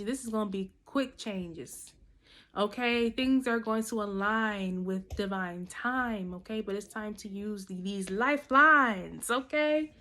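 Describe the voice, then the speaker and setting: Higher-voiced woman giving a tarot reading. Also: bright, forceful tone. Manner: direct, coaching, keeps checking in with "okay?"; salty slang and casual swearing. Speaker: tarot reader. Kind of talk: casual tarot reading to camera.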